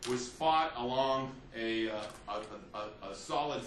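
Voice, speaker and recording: A man's voice: medium pitch, normal speed. Male history teacher, casual lecture style, off-mic in an echoey room with faint background hum. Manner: conversational, acts out quotes, frequent "you see" and "right?". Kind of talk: classroom lecture. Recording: roomy, distant, faint ambience.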